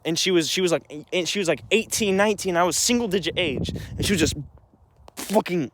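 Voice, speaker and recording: A man's voice: high-pitched, brisk, background noise. A young man telling a personal story in an agitated, rambling way, full of restarts and swearing. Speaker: vlogger.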